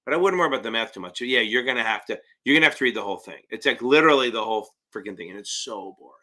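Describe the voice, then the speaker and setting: A man's voice: medium pitch, expressive, very fast, bright, forceful tone. A man running a live-stream Q&A as an exam prep tutor, talking bluntly, rambling and swearing casually as he answers viewers.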